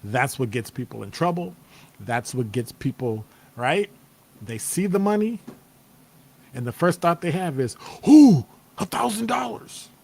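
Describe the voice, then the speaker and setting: Midwestern man, casual motivational talk, animated and playful, acts out reactions. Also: medium pitch, a little slow. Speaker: host. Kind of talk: casual motivational talk to a live-stream audience. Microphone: streaming setup microphone.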